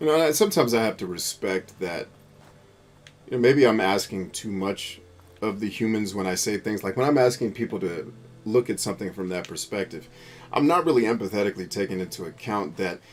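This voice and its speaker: A man's voice: lowish voice, lively intonation, fairly quick, faint music behind. A man giving rambling, philosophical commentary while playing a video game, swearing freely as he rants. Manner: profane, ranting, philosophical. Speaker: gameplay commentator. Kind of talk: rambling commentary over gameplay.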